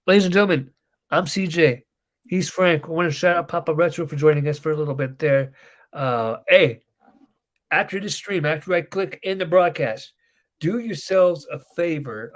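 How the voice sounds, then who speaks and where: A man co-hosting a casual podcast from his home. His voice sits a little high, and he banters loudly and excitably with his co-host. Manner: loud, excitable banter that swings to soft baby talk.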